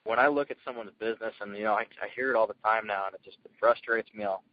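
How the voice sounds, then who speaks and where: A man telling his success story as a guest speaker, energetic and earnest, in casual storytelling. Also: on the low side, very fast, no echo, dull audio. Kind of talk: motivational call talk.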